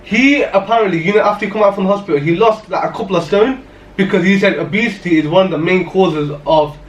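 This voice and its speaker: High-voiced man, echoey and distant. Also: fast talker. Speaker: podcast co-host. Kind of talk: casual chat. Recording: roomy echo, off-mic, faint noise.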